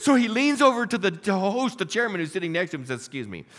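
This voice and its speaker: Guy preaching in a church, high voice, acts out the characters, big echoey room. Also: fast talker. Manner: animated, voices characters in stories. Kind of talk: sermon storytelling. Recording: reverberant hall.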